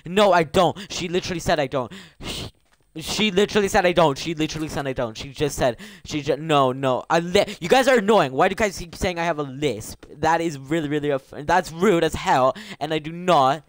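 A teenage boy streaming a game live, excitable and bantering with his chat and friends, gasping at every surprise. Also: a little high, a little fast.

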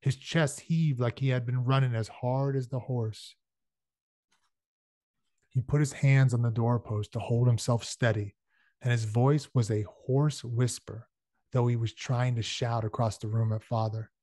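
A man reads a novel aloud at a medium pitch, steady and unhurried, now and then breaking off to explain things in a casual, chatty way. The recording is dry and close, with no room sound. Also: no echo. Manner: casual explanatory asides between passages. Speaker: audiobook reader.

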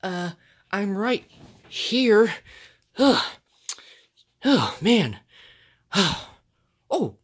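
A woman's voice: mid-range voice, big pitch swings, drawn-out words, pauses often, breathy edge, exaggerated voice. A woman voicing a grumpy, rude male green ogre, sighing and grumbling in home toy play-acting.

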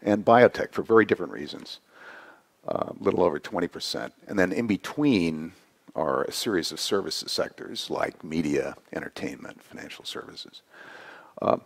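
A man giving a conversational conference talk, often ending points with a quick "right?". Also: sits low, gravelly. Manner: conversational, frequent "right?" tags. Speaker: conference speaker. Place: conference hall.

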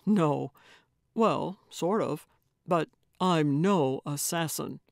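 A wary, gruff man in hiding, as a woman narrator puts him on, voiced a little lower than her narration. He answers curtly and keeps his distance. The delivery is slow and dry. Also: no echo, exaggerated voice. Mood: guarded. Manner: curt, wary, low-key.

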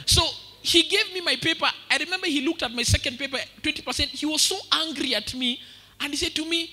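Bright-voiced Kenyan preacher. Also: male voice, extremely high pitch, a little fast, a little hiss or hum. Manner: lively storytelling, mixing English with Swahili. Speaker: pastor. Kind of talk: sermon. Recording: reverberant church hall.

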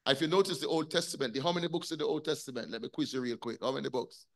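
A man's voice: mid-range voice, very fast, gravelly. A man teaching a Sunday school lesson over a video call, talking conversationally and putting questions to his class.

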